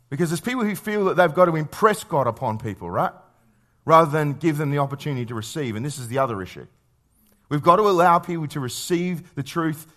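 A man preaching a sermon in a conversational way, telling stories and asking rhetorical questions, reading scripture slowly and quietly. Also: on the high side.

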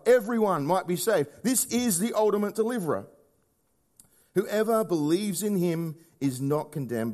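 Man preaching with hushed, swinging delivery. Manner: conversational, asks rhetorical questions; swings between hushed low lines and raised emphatic ones. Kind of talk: sermon.

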